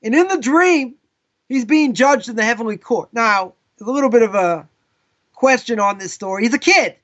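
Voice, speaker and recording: Male rabbi, live lesson; high-pitched, casual storyteller with asides, dull lo-fi recording. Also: moderate pace. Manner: casual, animated, with frequent asides. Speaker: rabbi teaching a class.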